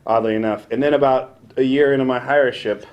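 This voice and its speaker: A man's voice: medium pitch, steady tone, fast, lo-fi sound, a little hiss or hum. A young man, a late-night radio DJ, casually telling a rambling, self-deprecating story and acting out the voices in it.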